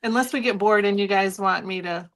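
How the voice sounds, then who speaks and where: A woman's voice: medium pitch, a little fast, fairly bright tone. A woman co-hosting a casual sewing live stream, amused and easygoing in her replies. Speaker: livestream co-host. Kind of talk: casual chat while sewing.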